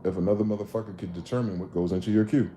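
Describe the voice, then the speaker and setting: A man's voice: fairly low pitch, rapid-fire. Man, livestream host, profane, acts out dialogue, roomy echo, faint hum behind. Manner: animated, profane, acts out both sides of conversations. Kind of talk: casual livestream monologue. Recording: echoey room with faint ambient noise.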